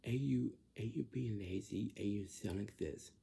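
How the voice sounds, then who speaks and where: A man with a lowish, gravelly, mellow and slightly rough voice gives a casual spoken explanation. He repeats himself, halts often, and now and then drifts into a whisper.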